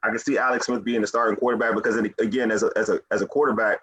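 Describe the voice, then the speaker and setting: Fast, husky man ranting. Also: fairly low pitch, fairly even intonation, fairly bright tone, muffled recording. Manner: passionate, emphatic, ranting. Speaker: podcast guest. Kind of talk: casual sports podcast chat.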